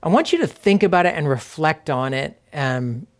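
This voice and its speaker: Gentle pastor reading scripture slowly. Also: male voice, on the high side, animated. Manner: gentle, unhurried, reads scripture slowly with pauses. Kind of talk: reflective sermon with guided scripture meditation.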